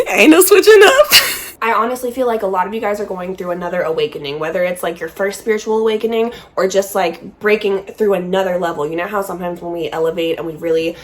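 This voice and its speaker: A young woman rambles through a relaxed, casual chat. She is stoned and easily sidetracked, swearing freely and giggling. Her voice sits at an ordinary, middle pitch. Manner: high and easily distracted. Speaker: vlogger and podcast host. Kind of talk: casual chat while smoking.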